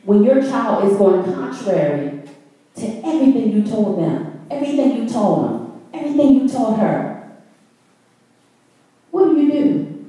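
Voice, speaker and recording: Slow, mellow woman preaching in an echoing church. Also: fairly high pitch, sing-song. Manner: emphatic, repetitive preaching with rhetorical questions, at times intoned. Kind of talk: Sunday worship sermon. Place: church sanctuary. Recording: very echoey church, voice far from mic.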